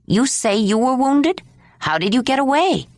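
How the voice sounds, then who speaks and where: A woman's voice: sits high, sing-song, moderate pace, darkish tone, dry recording, clean studio sound, pitched above the performer's own voice. A woman narrator voicing a shrewd, muscular head woman who asks probing questions.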